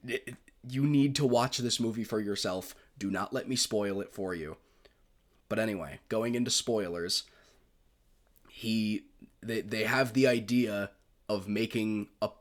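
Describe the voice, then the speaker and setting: Gushing, rambling man reviewing a film. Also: on the low side. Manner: gushing, rambling, swears freely. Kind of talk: casual film review monologue.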